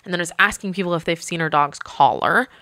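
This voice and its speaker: Bright-voiced woman telling hotel stories. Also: on the low side, quick pace, no echo, clean studio sound. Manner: lively, acts out voices of people she quotes. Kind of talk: casual podcast storytelling.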